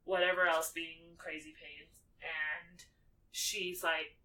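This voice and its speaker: A podcast co-host with a deep voice speaks slowly, recorded from a distance with poor audio. In a casual movie recap, she retells the film's plot with animated storytelling, acting out the characters' lines and using the filler "like."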